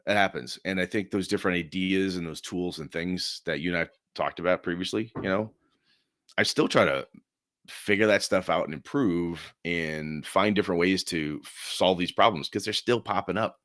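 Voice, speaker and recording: A man's voice: sits low, moderate pace, no room sound, studio quality. A middle-aged man chatting casually about tabletop gaming, telling stories with lots of swearing. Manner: animated storyteller, swears freely. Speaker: podcast guest, game master. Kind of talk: casual chat.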